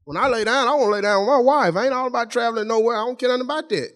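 A middle-aged man delivers a sermon in a notably high voice. He preaches in a folksy, conversational manner, speaking directly to his congregation. He repeats key phrases again and again for emphasis. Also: rapid-fire, a bit bright. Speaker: pastor.

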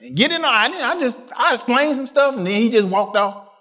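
Man, high-pitched voice, call-and-response sermon, climbs to excited peaks then drops low. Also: a little fast. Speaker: preacher.

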